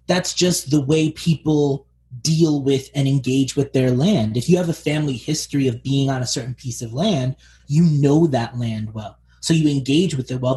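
A man's voice: a little high, darkish tone, slight background noise. Chatty male podcast co-host. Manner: chatty, lots of "like" fillers. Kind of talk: casual chat about a TV series.

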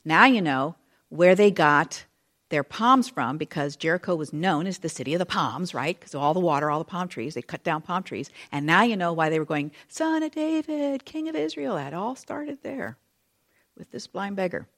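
A woman teaching a Bible study in a chatty, conversational way, full of asides and lively retelling. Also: sits low, moderate pace. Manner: expressive, animated retelling.

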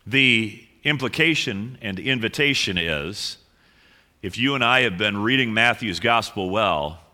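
A man's voice: fairly low pitch, lively intonation, measured pace, sharp tone. A male pastor preaching a conversational sermon, playfully teasing the congregation and often repeating words as he goes.

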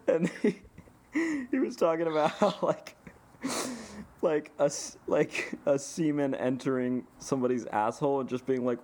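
A man in an easygoing podcast chat, recounting a night out with lively energy. He laughs often through his own story and swears freely, his voice sitting at an ordinary middle pitch. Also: normal speed, pauses often. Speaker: podcast co-host. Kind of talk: casual chat.

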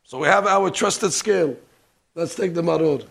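A man teaching a hands-on religious lesson, animated and joking, dropping Hebrew terms as he demonstrates. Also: on the high side, normal speed, gravelly. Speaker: rabbi teaching. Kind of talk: demonstration lesson on ritual practice. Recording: archival lesson recording.

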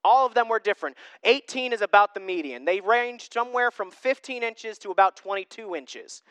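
A young male pastor preaches in a loose, conversational way, poking fun at himself between points. His voice sits high and bright, with a smooth, clean tone. The sound is dry and close, with no room behind it. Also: brisk, no echo. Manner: conversational, self-deprecating, with lively asides. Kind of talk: sermon.

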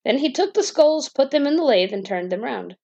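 Gravelly-voiced woman reading a bedtime story. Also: high-pitched, brisk, dull audio. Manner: calm, even storybook narration.

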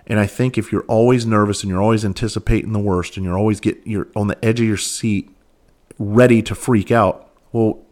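A man with a fairly low voice, hosting a podcast. He tells his stories in a casual, candid monologue and swears freely along the way. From Southern United States. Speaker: podcast host.

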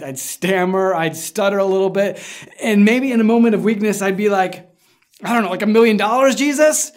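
A pastor giving an informal, conversational sermon who tells the story in an everyday way and acts out the lines of the people in it. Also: medium pitch.

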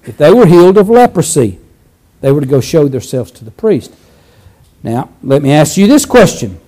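A male preacher giving a conversational sermon, animated and acting out scenes, with frequent restarts. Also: on the high side, moderate pace, poor audio.

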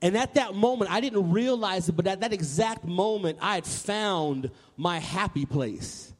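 A man in his thirties from Tennessee, telling an animated personal story to a live audience, often repeating words and acting out voices. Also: sits high, a little slow, in a large hall. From Nashville, Tennessee, US. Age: 30s. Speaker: public speaker.

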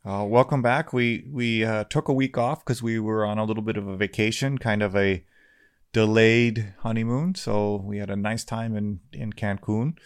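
A man's voice: fairly low pitch, fairly even intonation, moderate pace, clear, resonant tone. A man co-hosting a casual podcast with his wife, talking in an easygoing, rambling way with lots of fillers. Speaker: podcast co-host. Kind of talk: casual chat.

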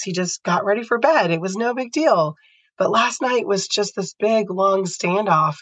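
A woman's voice: on the low side, a bit bright, dry recording, low-quality recording. A woman podcast host telling a personal story in an earnest, heartfelt way.

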